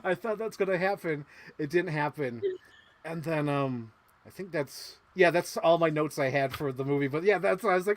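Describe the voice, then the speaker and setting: A man co-hosting a casual movie chat podcast, excitable and laughing often, leaping up high when he quotes characters. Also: a little fast. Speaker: podcast co-host.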